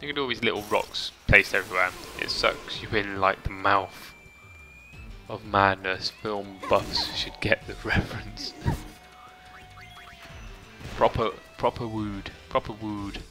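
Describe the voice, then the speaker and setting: A man's voice: fairly low pitch, wildly swooping pitch, a little slow, pushed and bright. A man chatting casually as he streams a game, reading chat and swearing lightly, with faint game music behind. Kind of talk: casual gameplay commentary.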